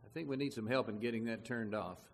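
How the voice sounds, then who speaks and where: This male preacher talks fast in a mid-range voice, with a little hiss or hum on the recording. His sermon is conversational and full of questions for the congregation, heard through a long hall reverb.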